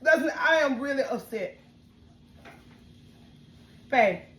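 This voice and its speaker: Heated high-voiced Southern woman venting. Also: lively intonation, takes it slowly, a bit bright. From Alabama. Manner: heated, outspoken, cursing, at times near tears. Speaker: vlogger. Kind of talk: emotional venting rant.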